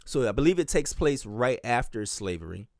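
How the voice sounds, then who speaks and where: A man's voice: mid-range voice, big pitch swings, moderate pace, no echo, clean studio sound. A man from the US South with a Southern accent, a dance teacher hosting his own podcast in a loose solo chat full of fillers and restarts. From Miami and Charleston, US South. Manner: rambling, with many fillers and restarts.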